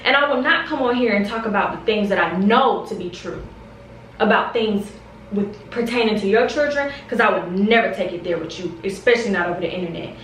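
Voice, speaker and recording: A woman's voice: medium pitch, fairly quick, a bit bright, far from the mic, slight background noise. Heated young woman vlogger, roomy echo. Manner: heated, repetitive, confrontational. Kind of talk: direct-to-camera storytime rant.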